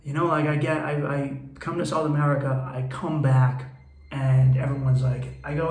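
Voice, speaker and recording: A fairly high-voiced male comedian hosts his own podcast in a blunt, swearing monologue. He tells his stories candidly and with energy. The recording is roomy and echoey. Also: normal speed. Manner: profane, blunt, animated storytelling. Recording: roomy echo.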